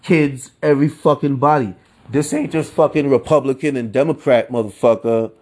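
A man hosting a solo podcast, ranting with a lot of swearing and swinging between calm talk and heated outbursts. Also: mid-range voice, moderate pace. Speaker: podcast host.

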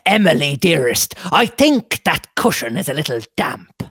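A reader voicing an unctuous husband as a slow mock pirate in a comic read-aloud. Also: medium pitch, very animated, fairly bright tone, breathy edge, no echo, studio quality, full character voice. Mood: oily.

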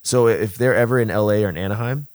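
A fast-talking man in his thirties with a voice on the low side shares drawn-out stories in a casual podcast conversation. He curses liberally and acts out what others said, keeping it animated.

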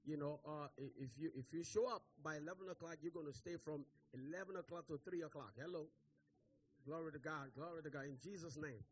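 A man's voice: fairly high pitch, husky. A male pastor giving church announcements and leading a birthday celebration, full of "hello" and "glory to God".

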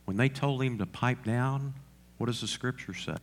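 A man's voice: mid-range voice, normal speed. A male pastor preaching a sermon, asking the congregation questions and repeating lines for emphasis.

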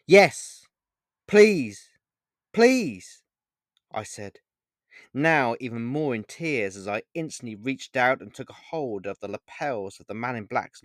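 A man reading his own short story aloud in the first person, in a measured, earnest storytelling manner. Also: medium pitch, fairly bright tone, no echo, clean studio sound.

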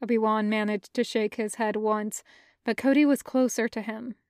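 A woman narrating a fan fiction audiobook with a measured, careful reading. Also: on the high side, steady tone, clean tone, dry recording, studio quality. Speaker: podfic reader.

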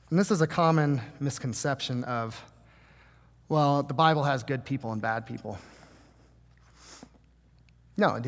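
A man preaching a sermon in a conversational way, dropping to a hush and then rising to strong emphasis. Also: medium pitch. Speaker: pastor. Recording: long hall reverb.

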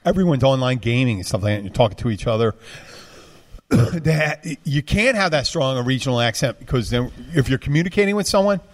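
A man, chatting casually about anything that comes to mind. He wanders from thought to thought, restarts sentences and leans on fillers. His pitch sits in an ordinary middle range. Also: animated, fairly quick. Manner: rambling, many restarts and fillers. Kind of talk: casual chat.

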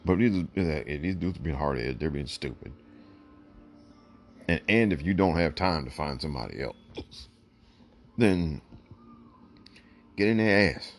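Man, podcast host, extremely deep voice, blunt and emphatic, hiccuping. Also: lively intonation, unhurried, long pauses. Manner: blunt, emphatic, repeats "look". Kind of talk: opinionated solo commentary.

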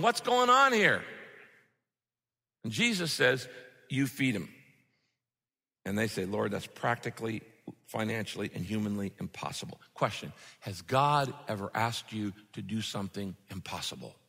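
A man preaching a sermon as pastor, animated and acting out the disciples' voices. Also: a little high. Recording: reverberant hall.

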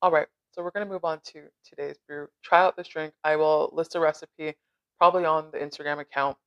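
A brash, teasing podcast host from Canada who swears freely in loose, casual chat. The voice sits at an ordinary middle pitch and sounds dry and close, with no room around it. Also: steady tone, fairly quick, clear, resonant tone, dry recording, highs cut off.

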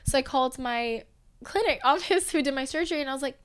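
Expressive young woman telling a story. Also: sits high, quick pace. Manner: animated, gets loud and emotional retelling tense moments. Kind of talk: casual storytelling.

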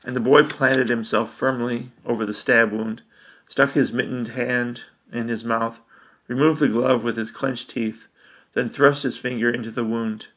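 A man narrates a dark story with a bright, forceful voice. He reads in a steady, measured way, line by line. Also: mid-range voice. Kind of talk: dramatic story reading.

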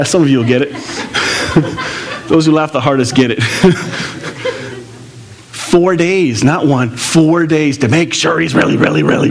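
A male pastor preaching a sermon in a conversational way, with asides and laughter. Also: a little high.

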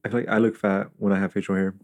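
Guy cohosting, talks fast, lowish voice, cracks jokes back. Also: little pitch movement. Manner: teasing, quick to joke and react. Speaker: podcast co-host. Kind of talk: casual chat.

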